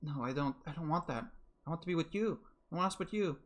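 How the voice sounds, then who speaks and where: A man's voice: on the high side, fast, pitched above the performer's own voice, lightly acted. A man voicing a desperate young woman who pleads and cries out through a locked door, in a visual novel read aloud. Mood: pleading. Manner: frantic, cries out a name.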